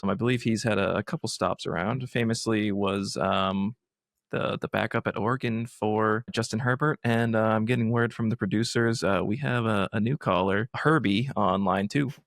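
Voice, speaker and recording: A man playing a local sports radio host, introducing callers in a measured announcer patter. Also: lowish voice, creaky, dry recording, studio quality. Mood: announcing.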